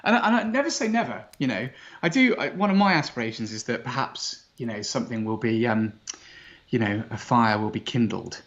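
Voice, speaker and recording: A man's voice: mid-range voice, expressive, a little fast, a bit bright, lo-fi sound. A man hosting a casual chat, jovial and teasing, laughing often. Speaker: host.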